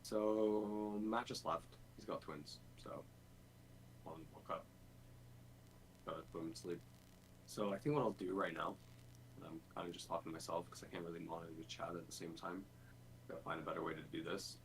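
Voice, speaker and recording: A man's voice: sits low, steady tone, normal speed, long pauses, slight background noise, poor audio. A man streaming game development, thinking aloud in a casual, rambling way with lots of fillers. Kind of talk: casual dev stream chat.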